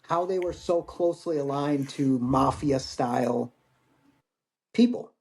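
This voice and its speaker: Mellow-voiced man telling war stories. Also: medium pitch, a little slow, a little hiss or hum. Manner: candid, rambling, swears casually. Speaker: podcast guest, Marine veteran. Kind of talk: casual storytelling.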